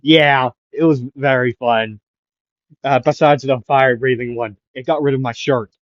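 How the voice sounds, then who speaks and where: A man voicing a brash, battered teenage boy hero who talks loud and cocky, in a storytelling fan what-if. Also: mid-range voice, fairly even intonation, moderate pace, dry recording, muffled recording, natural voice. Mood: cheery.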